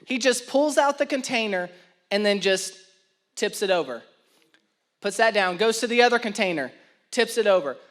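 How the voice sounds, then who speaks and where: High-voiced man preaching with animated stories. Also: normal speed, pauses often. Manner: animated, self-mocking storyteller who builds to emphatic preaching. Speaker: pastor. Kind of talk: sermon with personal storytelling.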